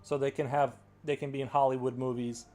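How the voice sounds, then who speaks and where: A man's voice: mid-range voice, little pitch movement, fairly quick, dark tone, faint music behind. A man chatting casually on a live stream, rambling and using "like" a lot. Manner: rambling, heavy filler "like".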